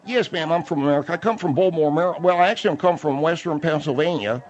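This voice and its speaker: A man's voice: on the high side, fast talker, pitched above the performer's own voice, lightly acted. A man doing a mumbling auxiliary cop. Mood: polite. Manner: mumbled, hard to understand. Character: mumbling male auxiliary police officer. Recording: dull lo-fi radio sound.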